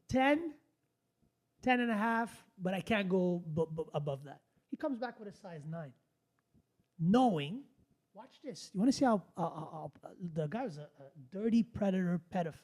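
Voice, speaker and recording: Blunt, animated man. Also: sits high, moderate pace. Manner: animated and blunt, swears freely, restarts sentences. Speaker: podcast host. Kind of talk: casual storytelling.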